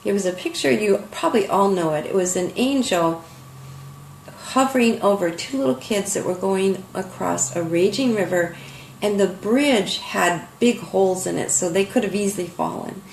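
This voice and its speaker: An older woman art teacher speaks with open sentiment, her voice edged with a gravelly creak. She tells emotional stories to her students. The sound is roomy and echoey, with faint noise behind her. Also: mid-range voice, normal speed. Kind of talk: heartfelt online lesson talk.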